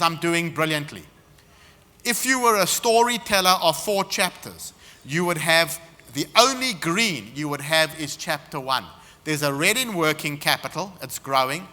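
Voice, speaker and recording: A man's voice: fairly high pitch, pushed and bright. A man giving a business seminar talk, emphatic and punchy as he tells stories to the room. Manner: emphatic, punchy storytelling delivery. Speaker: seminar speaker. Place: expo seminar hall. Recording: reverberant hall.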